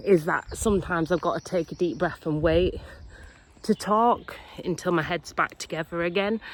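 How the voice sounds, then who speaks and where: A woman's voice: lowish voice, a bit bright. A young woman with a Yorkshire accent, chatting casually to camera on the go and laughing through serious topics. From England. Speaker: vlogger. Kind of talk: casual chat to camera while walking.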